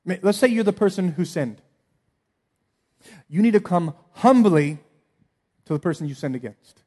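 Earnest preaching man, fairly high voice. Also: moderate pace, pauses often, husky. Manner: earnest, swings from soft to emphatic. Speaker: pastor. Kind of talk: sermon.

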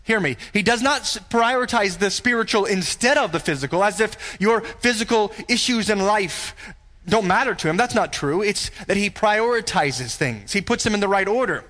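High-voiced man preaching earnestly. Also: animated, moderate pace, sharp tone. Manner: earnest, emphatic preaching with rhetorical questions. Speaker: pastor. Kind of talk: sermon.

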